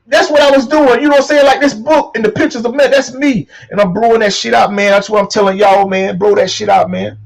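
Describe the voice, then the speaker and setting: A man hosting his own show, delivering a loose motivational monologue, swearing a lot and repeating catchphrases, punching key lines loudly. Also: very high-pitched, steady tone, brisk, creaky, hardly any pauses, poor audio. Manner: preachy, swearing, repeats "you know what I'm saying", punches lines loudly. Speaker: show host.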